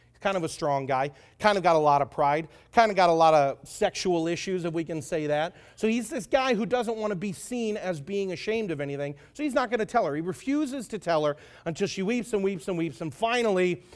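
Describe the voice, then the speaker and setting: Jokey, high-voiced preacher. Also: male voice, animated, fairly quick. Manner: jokey, conversational storytelling; frequent asides to the audience. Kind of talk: sermon.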